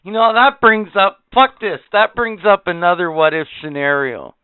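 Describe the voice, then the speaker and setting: A man's voice: high-pitched, expressive, moderate pace, clean tone, no room sound. Ranting profane man, tinny phone-like line. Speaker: podcast co-host. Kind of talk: casual chat. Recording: tinny phone-like sound, dry.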